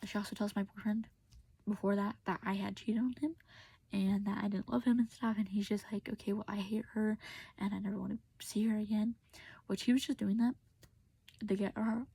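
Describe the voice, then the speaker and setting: A woman's voice: mid-range voice, steady tone, fairly quick, gravelly, warm tone, husky, dry recording. A young woman telling a personal story in a casual, venting way, often dropping to a whisper and close to tears. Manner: casual, venting, many fillers, drops to whispers. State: tearful.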